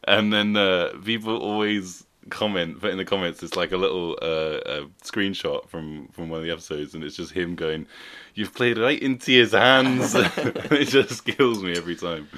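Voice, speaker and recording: A man's voice: sits low, normal speed, few pauses, fairly bright tone. A man, chatting casually and laughing often as a podcast co-host. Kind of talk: casual chat.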